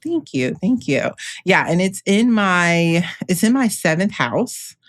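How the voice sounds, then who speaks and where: A woman's voice: fairly low pitch, sing-song, slow, no room sound. A woman in her thirties, an astrologer guest, talking candidly in casual conversation and laughing often between thoughts.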